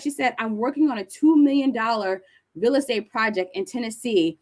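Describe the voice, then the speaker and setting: A middle-aged woman from New Jersey giving a conference talk, high-energy and animated as she tells stories to the audience. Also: brisk. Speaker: speaker presenting to an audience. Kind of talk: conference presentation.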